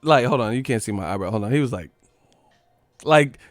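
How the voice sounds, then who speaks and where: A man's voice: medium pitch, animated, fairly quick, no room sound, faint music behind. Profane mocking man ranting. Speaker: boxing channel host. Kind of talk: casual live-stream rant.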